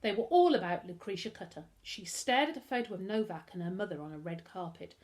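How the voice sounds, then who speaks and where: A woman teacher with an English accent reading a children's book aloud in an expressive, animated storytelling style. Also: medium pitch, fairly quick, few pauses. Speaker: primary school teacher.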